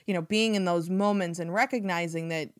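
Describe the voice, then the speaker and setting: Woman, interviewer, casual interview chat, affirming, reflective, lowish voice, dry close sound. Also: a little fast, no room sound.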